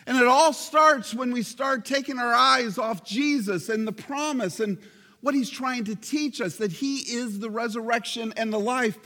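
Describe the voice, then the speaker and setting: A male pastor preaching a sermon with emphatic, slowly stressed phrases. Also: very high voice, pushed and bright, long reverb tail.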